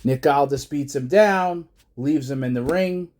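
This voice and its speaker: Man, casual storyteller, slow unhurried pace, low-key delivery. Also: a little mellow. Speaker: fan pitching a wrestling storyline.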